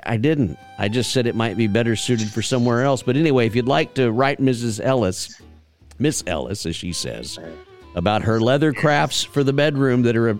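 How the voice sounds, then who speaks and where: A man from the American South hosting a casual local radio show, chatty, joking and often laughing. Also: medium pitch. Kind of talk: casual call-in radio chat.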